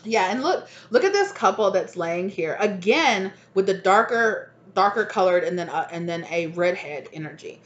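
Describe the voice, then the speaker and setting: A woman's voice: medium pitch, expressive, normal speed, hardly any pauses, dull audio. A woman giving a casual tarot card reading at home, talking frankly and often laughing as she goes. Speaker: tarot reader.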